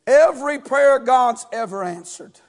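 A pastor delivers a sermon in a very high voice for a man. He preaches in a rhythmic, chanting cadence and punctuates his lines with "amen" and "uh". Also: animated, a little slow, vocal fry.

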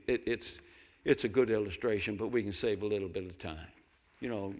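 An older man preaching a sermon, telling folksy stories and breaking into loud mimicking voices. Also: fairly low pitch. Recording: long hall reverb.

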